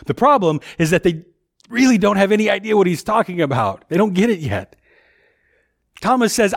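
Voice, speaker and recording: A man's voice: high-pitched, sing-song, moderate pace, vocal fry. A man preaching a sermon in a conversational way, often repeating words as he thinks aloud.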